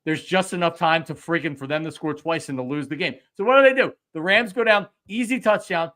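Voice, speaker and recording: Excitable bright-voiced man. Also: a little high, a little fast. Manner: excitable, acts out his own reactions. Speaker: podcast host. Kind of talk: casual sports chat.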